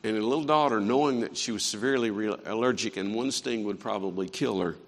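A man preaching a sermon in a church, swinging between quiet earnest stretches and fervent raised passages. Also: on the low side, fast, big-room sound. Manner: impassioned preaching with rising and falling intensity. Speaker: pastor. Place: church sanctuary.

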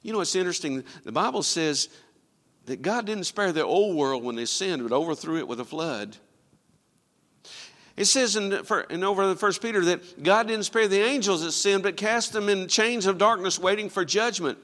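A man preaching a sermon, quoting scripture and swinging from loud, ringing lines to hushed ones. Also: high voice, moderate pace, in a large hall.

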